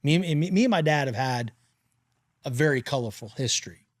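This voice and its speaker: A man in his forties hosting a podcast, telling stories in a casual, animated way and swearing freely. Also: mid-range voice, a little fast, dry recording, studio quality. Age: 40s. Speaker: podcast host. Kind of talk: casual interview chat.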